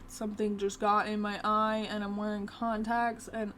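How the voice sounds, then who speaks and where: A woman's voice: medium pitch, flat delivery, normal speed, a bit bright, a little hiss or hum. A young woman chatting casually through a gameplay session, often talking fondly to her cat. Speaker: gaming video creator.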